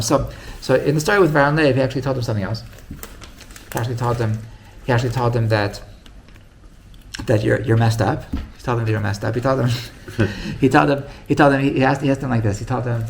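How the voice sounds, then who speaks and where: A man's voice: mid-range voice, steady tone, fairly quick, vocal fry, a little hiss or hum. A man, a rabbi, telling a story in a casual, rambling way with many restarts. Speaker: rabbi teaching.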